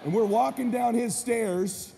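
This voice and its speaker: A man telling a story in a live motivational speech, with energetic and punchy delivery. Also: extremely high pitch, unhurried, vocal fry. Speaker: motivational speaker. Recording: echoey hall with faint noise.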